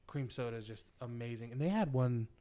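A man's voice: medium pitch, a little fast, mellow. Man, 30s, chatty storyteller in casual banter, laughs at own jokes. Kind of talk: casual chat.

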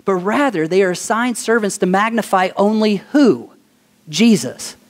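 A pastor preaching a sermon, asking the congregation questions for call-and-response and telling stories with animation. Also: male voice, high voice, normal speed. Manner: animated storytelling.

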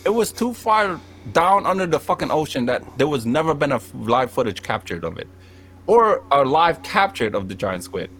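Speaking at a moderate pace in a fairly high voice, the young Cambodian man recounts a long humorous story to his friends. His telling is animated and heavily profane, and he acts out each quote.

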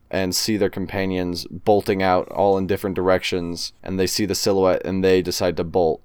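A man co-hosting a podcast, slowly describing a spooky story scene in a measured storytelling way. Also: low voice, clean tone, dry recording. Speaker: podcast co-host.

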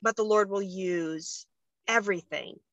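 A woman hosts a podcast, casually chatting and gushing about books that moved her, laughing easily. Her mid-range voice is unhurried and fairly bright. The recording is dry and lo-fi.

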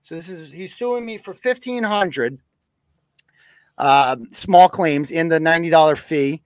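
A man's voice: fairly high pitch, a little slow, no echo. A man from New hosting a live show, cursing bluntly and acting out quoted exchanges in a casual rant. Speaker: podcast host.

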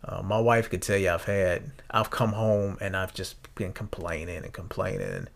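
A young man hosting a podcast, talking earnestly and reflectively, often halting and restarting his sentences. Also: deep voice, expressive, vocal fry. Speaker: podcast host. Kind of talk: reflective personal talk.

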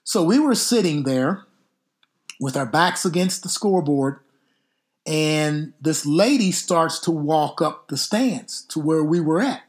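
A middle-aged man, a football coach hosting a podcast, telling stories casually in an unhurried, drawn-out way with some mild cursing. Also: a little high. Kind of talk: casual storytelling.

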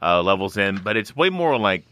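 A man's voice: lowish voice, sing-song, normal speed, sharp tone, dry recording. A man co-hosting a podcast, explaining things in an easygoing way with fillers. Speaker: podcast co-host. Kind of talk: casual chat.

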